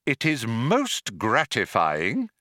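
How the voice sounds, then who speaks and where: A coldly polite recorded voice from a planet, formal and menacing, put on by a man reading the story. It moves slowly and deliberately, with a bright, clear edge. The sound is dry and close. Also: medium pitch, huge pitch swings, no room sound, exaggerated voice. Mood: icy.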